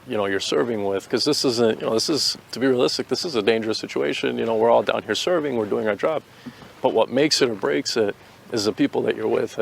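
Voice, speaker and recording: Low gravelly American man. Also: a little hiss or hum. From United States. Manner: earnest, opinionated, talks in restarting bursts. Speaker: interviewee, volunteer fighter. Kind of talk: interview answers.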